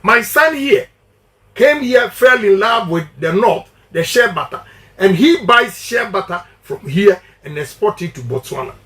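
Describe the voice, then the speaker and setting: A man's voice: high-pitched, animated, measured pace, sharp tone. A middle-aged man with a Ghanaian English accent, giving a campaign interview in an emphatic, preacher-like cadence with repeated slogans. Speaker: politician giving a radio interview.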